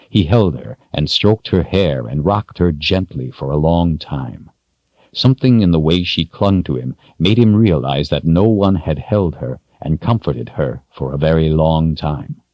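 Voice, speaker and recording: A man narrating a fantasy audiobook in a steady, measured way. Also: a bass voice, no room sound. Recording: dry, dull lo-fi studio sound.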